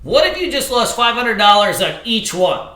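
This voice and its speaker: A man's voice: high-pitched, big pitch swings, moderate pace, bright, forceful tone, soft background music, full character voice. A man playing a blunt, matter-of-fact trading coach. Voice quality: matter-of-fact, plain-spoken. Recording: roomy hall echo.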